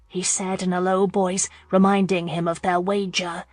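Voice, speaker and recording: A woman's voice: on the low side, level tone, moderate pace, no echo, soft background music. Woman reading an audiobook, dry sound. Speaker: audiobook narrator. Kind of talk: scripted narration.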